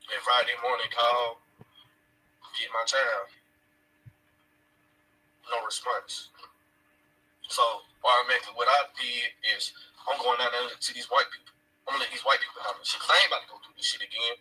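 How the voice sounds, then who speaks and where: A man's voice: mid-range voice, level tone, moderate pace, long pauses, bright, forceful tone, husky, recorded from a distance, rough recording. Blunt, profane man. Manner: blunt, profane, emphatic retelling. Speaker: father of a missing woman's child. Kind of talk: casual storytelling to camera.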